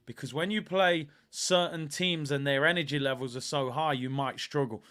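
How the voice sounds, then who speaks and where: A man's voice: on the high side, steady tone, moderate pace, a bit bright. A man hosting a live football watch-along stream, talking emphatically in casual chat, repeating lines for effect and answering viewers' comments.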